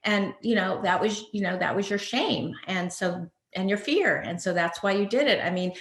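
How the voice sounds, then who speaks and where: A woman's voice: mid-range voice, moderate pace, fairly bright tone. Older woman therapist in a roomy space. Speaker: psychotherapist guest. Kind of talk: counseling-style talk show chat. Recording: roomy echo.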